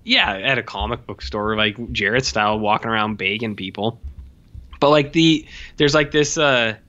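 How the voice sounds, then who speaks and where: A man co-hosting a film review podcast in loose, casual chat. His voice is bright and forceful, and he keeps circling back with "like" and "uh". The recording sounds dull and lo-fi. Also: lowish voice, normal speed. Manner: rambling, heavy use of "like" and "uh" fillers; animated retelling of scenes. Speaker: podcast co-host.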